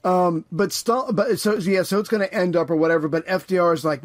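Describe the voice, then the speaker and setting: Male podcast co-host, somewhat high voice, loose rambling chat, dry recording. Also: fairly quick, few pauses, no room sound. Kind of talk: casual chat.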